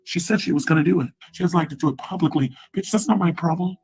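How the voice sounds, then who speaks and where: A woman ranting on a livestream, combative and profane, with sudden loud outbursts. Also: fairly low pitch, fast, a little hiss or hum.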